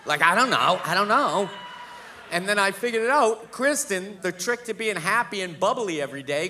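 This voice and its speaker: A brash man tells stories on stage with a profane, animated stand-up delivery. His voice sits a little high and sounds bright and forceful. Faint room ambience hangs behind his mic. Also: normal speed, slight background noise. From Boston, USA. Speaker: stand-up comedian. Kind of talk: live stand-up comedy. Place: live theater stage.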